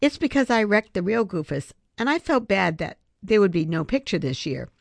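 A woman's voice: mid-range voice, big pitch swings, moderate pace, gravelly, no room sound, pitched above the performer's own voice. A woman reading aloud, voicing a hurt, stubborn young girl in a raised, childlike voice. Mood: subdued.

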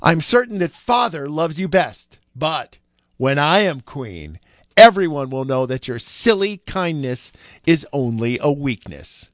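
A man's voice: a little high, big pitch swings, measured pace, no room sound, clean studio sound. A man reading a storybook aloud, voicing a proud, bad-tempered young woman with a haughty, scolding manner. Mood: spiteful.

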